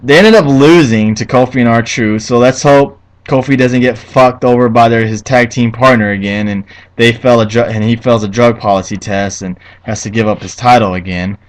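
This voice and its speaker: A young man talking casually into his own recording, running through a wrestling show and swearing freely as he goes. His voice sits at an ordinary middle pitch. He gets worked up and ranting, trips over his words and starts again. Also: moderate pace, rough recording. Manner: profane, ranting, easily heated. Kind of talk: casual solo review.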